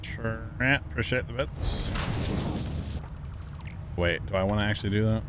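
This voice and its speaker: A man's voice: lowish voice, a little slow, background noise. A man livestreaming a game, chatting casually with his viewers in a rambling way, thanking them and laughing easily. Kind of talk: casual gaming livestream chat.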